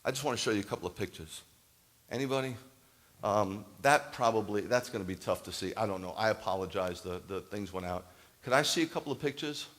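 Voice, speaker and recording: Male rabbi, lower voice, lively storytelling sermon, voices the other people in the story, builds to emphatic preaching. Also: a little fast. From United States. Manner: animated, acts out quoted dialogue, rises to emphatic preaching. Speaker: Messianic rabbi. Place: congregation hall, addressing a live audience.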